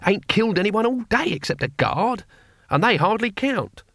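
Cohen, a man doing a blunt, gruff old barbarian chief. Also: high-pitched, very animated, moderate pace, fairly bright tone, no echo, clean studio sound, pitched above the performer's own voice, heavily acted. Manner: blunt, firm. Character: old male barbarian leader, gruff and proud.

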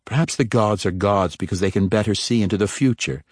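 A man narrating a fantasy story, voicing a calm, composed young female dark elf with a slightly lifted tone. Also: on the low side, fairly quick, dry recording, clean studio sound, voice pushed up, natural voice. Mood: poised.

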